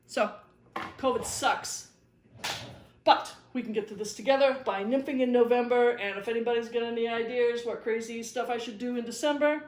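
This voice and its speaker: A woman's voice: a little high, steady tone, normal speed. A woman hosting a fly-tying video, telling a fishing-guide story in an easygoing, wry way while she ties. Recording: echoey room with faint noise.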